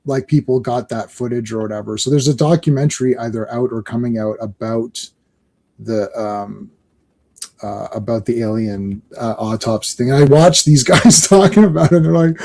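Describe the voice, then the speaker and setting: A Canadian man hosts a casual podcast, an animated storyteller who laughs often and repeats himself. He speaks at a normal pace in a mid-range, creaky voice.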